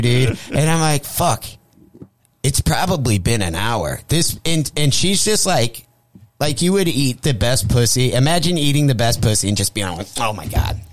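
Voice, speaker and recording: A male comedian from St. Louis telling a crude story on a radio show, profane and animated, acting out the voices in his tale. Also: mid-range voice, moderate pace, no room sound. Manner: profane, animated, acts out quotes. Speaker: comedian guest.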